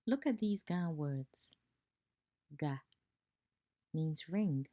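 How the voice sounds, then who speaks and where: A woman with a Ghanaian accent teaching pronunciation, speaking slowly and deliberately and spelling out sounds one by one. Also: on the low side, dark tone. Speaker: language teacher. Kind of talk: slow, careful pronunciation lesson.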